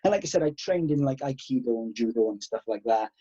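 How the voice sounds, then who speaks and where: A man in his thirties, a karate instructor guest, telling animated stories and swearing freely. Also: medium pitch, fast, slightly rough, dull audio. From Wales. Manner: animated, swears freely, acts out past exchanges. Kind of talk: casual podcast storytelling.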